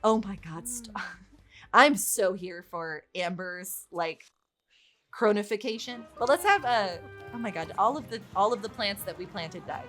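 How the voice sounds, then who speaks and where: A woman giving chatty, excitable let's play commentary on her game, swearing freely as she goes. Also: medium pitch, a little slow, soft background music. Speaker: gaming YouTuber.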